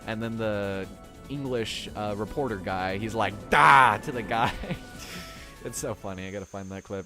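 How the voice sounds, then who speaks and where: Rambling, chatty man over game music. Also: lowish voice. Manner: rambling, chatty, laughs often, jokey. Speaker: gameplay commentator. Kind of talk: casual let's play commentary.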